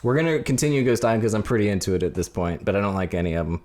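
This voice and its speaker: A man's voice: fairly low pitch, lively intonation, rapid-fire, darkish tone. A man hosting a podcast in casual chat, playful and riffing on silly ideas. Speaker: podcast host.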